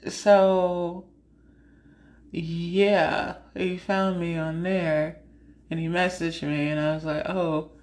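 A woman's voice: on the low side, takes it slowly. A woman hosting a podcast, chatting casually and frankly, laughing often and acting out conversations. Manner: frank, laughs often while telling stories; animated, acts out her own side of conversations. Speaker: podcast host. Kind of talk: casual chat.

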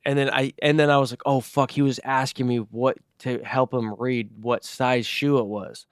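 A man's voice: medium pitch, fairly even intonation, moderate pace, smooth, no echo, clean studio sound. A young man co-hosting a podcast, telling rambling stories full of fillers and swearing in casual chat. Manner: rambling storytelling, heavy swearing, lots of fillers. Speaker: podcast co-host.

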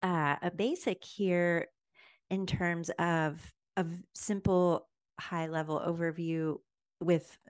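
Bubbly lady hosting a podcast, slow easy pace, dry close sound. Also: lowish voice, steady tone, clear, resonant tone, no room sound. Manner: bubbly, laughs easily. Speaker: podcast host. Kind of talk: casual podcast chat.

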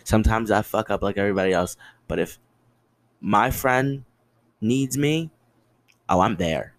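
A man's voice: sits low, expressive, a little slow. A young man in his twenties hosting a podcast alone, telling personal stories in a casual, profane and dramatic way and answering his own questions. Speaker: podcast host. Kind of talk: casual storytelling monologue.

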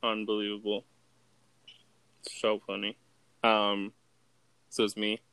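A man's voice: on the low side, monotone, slow, bright, forceful tone, clean tone, no echo. A man co-hosting a podcast, retelling movie scenes in casual chat and laughing often. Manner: laid-back, laughs often, acts out quotes in voices. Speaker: podcast co-host.

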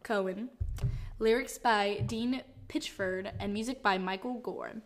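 A woman's voice: mid-range voice, a little slow, a little hiss or hum. A woman co-hosting a podcast in casual chat. She is chatty and giggly, uses lots of "like" fillers, and reads a story synopsis in a dramatic voice. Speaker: podcast co-host.

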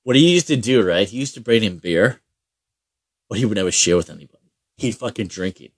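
A man's voice: lowish voice, expressive, brisk, breathy edge, no room sound, clean studio sound. Profane, rambling man telling a story. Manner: swears constantly, mocks people with put-on voices. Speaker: amateur hockey goalie telling a story.

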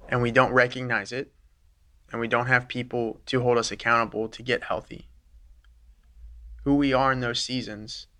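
Man, church teacher, bright clear voice, conversational, earnest, step-by-step explaining. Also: mid-range voice. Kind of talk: informal teaching talk to a small group.

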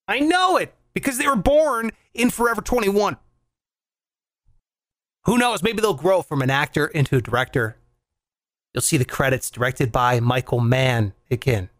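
A comedy show host delivering a jokey monologue, animated and quick to switch into silly voices. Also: mid-range voice, no echo. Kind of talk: comic monologue.

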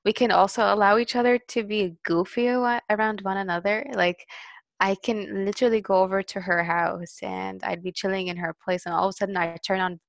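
A woman's voice: medium pitch, fairly even intonation, creaky, no echo. Playful, giggly young woman in chat. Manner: giggly, playful, quick quoted asides. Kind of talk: casual chat, storytelling.

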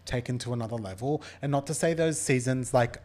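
A man co-hosting a podcast, chatting casually with quick enthusiastic affirmations and slang. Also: medium pitch, a little mellow. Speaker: podcast co-host. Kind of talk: casual chat.

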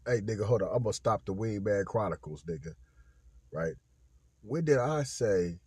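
A man hosting a podcast, talking in loud, profane, fast back-and-forth banter. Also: lowish voice, slightly rough, dry recording, clean studio sound. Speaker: podcast host. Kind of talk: casual profane podcast chat.

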